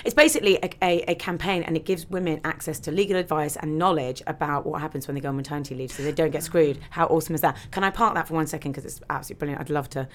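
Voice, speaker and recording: A woman in her thirties, a TV presenter chatting on a podcast, animated and laughing often. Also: deep voice, racing, hardly any pauses. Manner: animated, laughs often, jumps between quoted voices. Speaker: guest, television presenter. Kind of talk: casual podcast chat.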